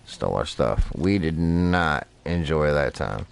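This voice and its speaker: A man's voice: rumbling low, animated, a little slow, creaky, smooth. A man streaming a fishing game, telling rambling, profane stories while he plays. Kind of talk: casual gameplay commentary.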